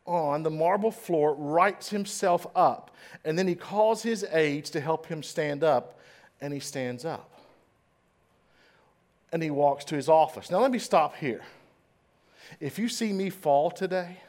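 Man giving a dramatic inspirational speech. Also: on the high side. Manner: dramatic storytelling, swings between hushed and loud. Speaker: motivational speaker. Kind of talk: inspirational speech to a live audience.

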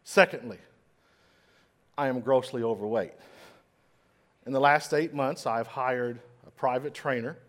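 A man's voice: medium pitch, measured pace, long pauses. A man giving a humorous motivational talk to a live audience, joking at his own expense and sometimes stumbling over words. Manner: self-deprecating, joking; admits trouble with certain words, occasional stammer. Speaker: invited speaker.

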